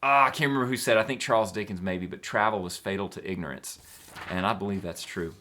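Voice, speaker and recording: A man's voice: on the low side, fast talker, sharp tone. A man, a singer-songwriter, chatting casually as he answers fan questions, easygoing and rambling with frequent filler sounds.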